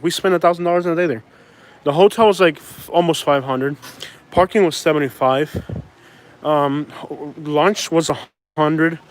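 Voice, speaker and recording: Man, vlogger, from Florida, rambling casual chat, in a car, slightly high voice. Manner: rambling, digressive, talks to chat and passenger. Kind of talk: casual chat while driving.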